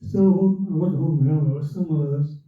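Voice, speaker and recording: An older man who once raced rattles through an animated story for a club crowd, impersonating the people he quotes and a commentator too. The mic is distant, so his fairly high voice echoes through the room on a dull, lo-fi recording.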